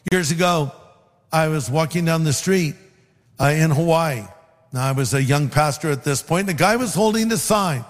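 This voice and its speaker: High-voiced preacher in a reverberant hall. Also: male voice. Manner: earnest, slows to stress scripture. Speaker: pastor. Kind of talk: sermon.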